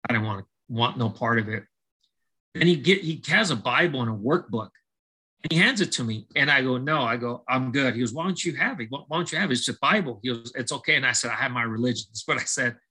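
He's a fast talker with a mid-range, slightly breathy voice, and the recording quality is low. This middle-aged baseball coach narrates his life on a podcast in a storytelling, testimony-like interview, animatedly acting out dialogue and making many restarts.

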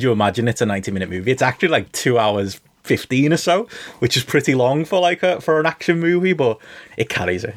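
Male podcast co-host, quick rambling casual chatter, dry close sound. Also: lowish voice, creaky, dry recording. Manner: rambling, filler-heavy chatter. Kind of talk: casual chat.

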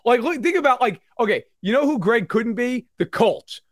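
A man in his thirties co-hosting a casual sports talk show, animated and mimicking fans in loud put-on voices. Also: very high voice, normal speed, dry recording, studio quality. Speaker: sports podcast co-host.

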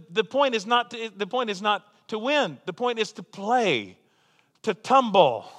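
A man's voice: fairly high pitch, a bit bright, long reverb tail. A man preaching a sermon as pastor, chatty and joking, throwing rhetorical questions at the congregation.

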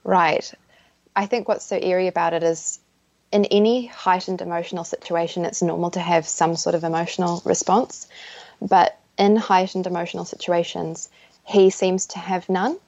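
Woman guest, low-pitched voice, halting and earnest, dry and muffled lo-fi sound. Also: fairly even intonation, darkish tone, no room sound. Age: adult. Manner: earnest, halting, with frequent restarts. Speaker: podcast guest. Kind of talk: personal storytelling in an interview.

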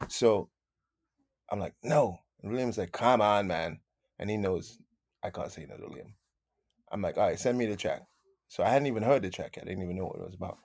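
A man telling stories as a guest in a casual interview, animated, repeating his phrases and calling people "man". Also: fairly low pitch, brisk, pauses often, breathy edge, no echo, clean studio sound. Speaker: guest musician.

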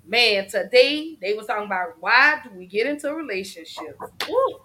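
A woman hosting a casual live-streamed mental health talk show, chatty and effusive, shouting out viewers. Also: fairly high pitch, big pitch swings, moderate pace, a little hiss or hum, rough recording.

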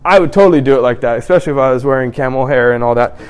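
A man preaching a sermon in an animated way, acting out scripture scenes in different voices. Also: medium pitch, racing, clean tone.

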